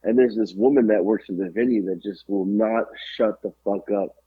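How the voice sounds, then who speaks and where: Husky middle-aged man telling rambling stories. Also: on the low side, moderate pace, phone-quality sound. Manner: profane, rambling anecdotes with many fillers. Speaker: podcast co-host. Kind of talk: casual storytelling chat.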